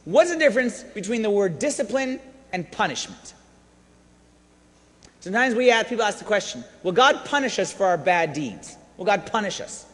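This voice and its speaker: A man preaching a sermon as a priest, telling a story with animated swings from hushed to shouting. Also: high-pitched, moderate pace. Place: church. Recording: long church reverb.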